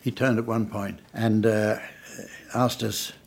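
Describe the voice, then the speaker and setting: Older raconteur, gravelly and a bit husky, dry wit, storytelling to a laughing audience. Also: male voice, lowish voice, level tone, takes it slowly. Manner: dry, wry, understated delivery with audience laughter. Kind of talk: anecdotal storytelling talk.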